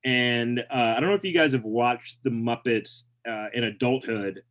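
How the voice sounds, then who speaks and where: A man doing stand-up comedy, ranting with profane, exasperated mock outrage on a club stage while high. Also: moderate pace, fairly bright tone.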